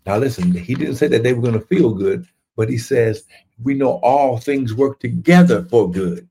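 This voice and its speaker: A man's voice: mid-range voice, normal speed, creaky, dark tone, breathy edge. A man preaching a livestreamed sermon, fervent and repetitive, reading scripture and breaking into rising exclamations.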